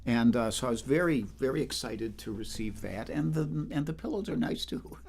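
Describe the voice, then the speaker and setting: Gravelly older man chatting between songs. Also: mid-range voice, lively intonation, normal speed. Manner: rambling, greets viewers by name. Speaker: musician hosting a livestream concert. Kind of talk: casual chat between songs. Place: home, livestream. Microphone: livestream microphone.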